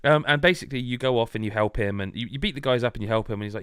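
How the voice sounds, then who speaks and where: Animated British man telling a story. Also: mid-range voice, very fast, hardly any pauses, clean tone, no room sound, studio quality. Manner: animated storytelling, laughing asides. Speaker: podcast host. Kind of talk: casual podcast chat. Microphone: remote video call.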